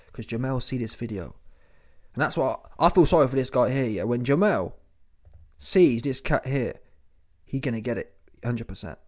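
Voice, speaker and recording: A man hosting casual commentary, slangy and mocking, who keeps tagging his lines with "yeah?". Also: mid-range voice. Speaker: host of a commentary channel.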